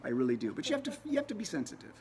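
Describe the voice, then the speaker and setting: Slightly high-voiced man telling a story. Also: huge pitch swings, rapid-fire, darkish tone, a little hiss or hum. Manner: conversational, repeats words while telling a story. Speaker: religious teacher. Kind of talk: casual storytelling lesson.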